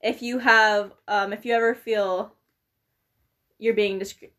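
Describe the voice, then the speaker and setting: A woman's voice: mid-range voice, steady tone, measured pace, fairly bright tone. A young American woman chatting casually with a friend, often trailing off mid-thought. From United States. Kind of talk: casual chat.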